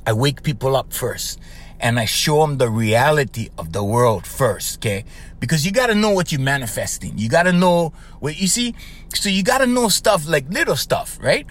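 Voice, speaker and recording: A middle-aged life coach hosting a podcast rambles casually in a monologue, his English tinged with Hawaiian Pidgin. Conversational, he tags lines with "right?" often and laughs a lot while telling stories, his slightly high voice animated, a bit bright, and at normal speed.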